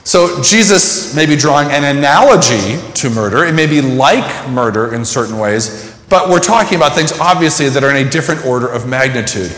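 A man's voice: medium pitch, animated, fairly quick, a bit bright. A man preaching a sermon, telling a personal story and reflecting in a conversational way. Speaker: pastor. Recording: echoey hall with long reverb.

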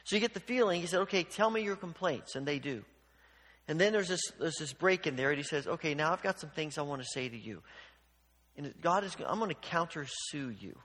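A man preaching a sermon, animated, acting out the voices of God and the people with sarcastic asides. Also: on the high side, brisk, big-room sound. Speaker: pastor.

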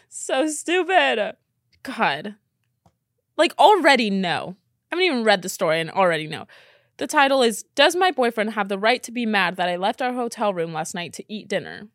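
A woman hosting a podcast in casual reaction chat, blunt and expressive, swearing casually. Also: medium pitch, fairly quick, dry recording, clean studio sound. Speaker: podcast host.

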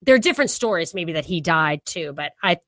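A woman's voice: on the low side, expressive, a little fast, a bit bright, no echo. A woman co-hosting a podcast, talking through political ideas in a rambling, casual way with frequent restarts. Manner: rambling, restarts often, laughs easily. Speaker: podcast co-host.

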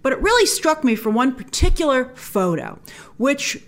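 Animated high-voiced woman reviewing a movie. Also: normal speed. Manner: animated, chatty, mock-dramatic quoting of herself. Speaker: film reviewer. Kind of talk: casual video review.

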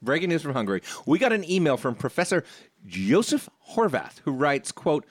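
A man's voice: on the high side, sing-song, moderate pace, dry recording. A middle-aged man co-hosting a comedy podcast, reading intros and trading dry quips. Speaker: podcast co-host.

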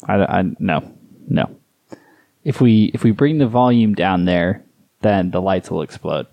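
A man's voice: sits low, measured pace, gravelly, warm tone, no echo, voice pushed down. Man doing a stubborn older lady sound tech, playing dumb, plain dry voice. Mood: obtuse. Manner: obtuse, feigning ignorance.

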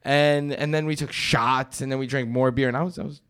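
A man's voice: medium pitch, fairly even intonation, fairly quick, fairly bright tone, clear, resonant tone. Laid-back young male podcast guest. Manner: laid-back banter, swearing. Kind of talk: casual chat.

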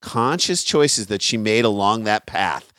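A man guesting on a casual podcast chat, animated and emphatic, with plenty of swearing. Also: lowish voice, a little slow, no echo, studio quality.

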